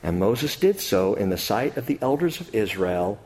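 A man preaching a sermon as a pastor, animated, climbing to near-shouts and dropping to quiet asides. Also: lowish voice, moderate pace. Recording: long hall reverb.

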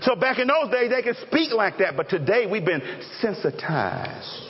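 A male pastor preaches in a high voice that swoops all over. He jokes and calls out to his congregation. The recording is dull and lo-fi, with a long hall echo. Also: normal speed, a little hiss or hum. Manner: lively, joking, calls out to the congregation. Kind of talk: sermon. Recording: echoey hall, dull lo-fi sound.

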